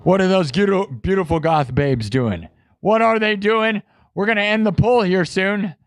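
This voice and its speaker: A man's voice: high voice, moderate pace, dry recording. A man hosting a live music stream in casual, brash, teasing chat. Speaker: livestream host and musician.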